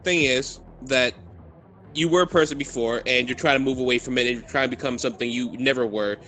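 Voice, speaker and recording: Bright-voiced man stumbling over words. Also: medium pitch. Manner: halting, repeats himself, teasing. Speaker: friend in voice chat. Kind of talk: casual voice-chat argument.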